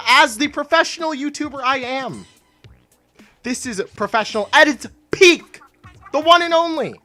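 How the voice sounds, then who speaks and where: A man's voice: sits high, pushed and bright. A young man from Canada chatting casually on a game live stream, rambling and self-mocking, laughing often. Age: young adult.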